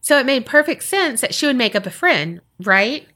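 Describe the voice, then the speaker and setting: A woman co-hosting a podcast, chatting casually and reading a listener's story aloud with expressive delivery. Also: high voice, moderate pace. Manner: animated, expressive storytelling with lively reactions. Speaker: podcast co-host.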